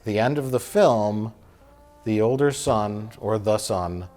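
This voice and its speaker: A man's voice: lowish voice, slow, a little mellow, soft background music. A man co-hosting a casual film review chat, dry and sarcastic.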